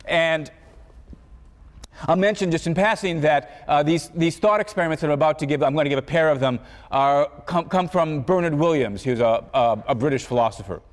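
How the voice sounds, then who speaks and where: A male philosophy professor giving a university lecture, halting and repeating words, with many fillers. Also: a little high. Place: large lecture hall. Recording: echoey lecture hall.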